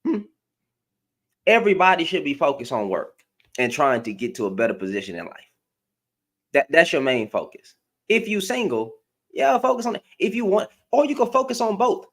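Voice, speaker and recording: A woman's voice: low voice, sing-song, normal speed, pauses often, breathy edge. A woman hosting a livestream, giving blunt, heated reaction commentary and often repeating her phrases. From United States. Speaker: livestream host.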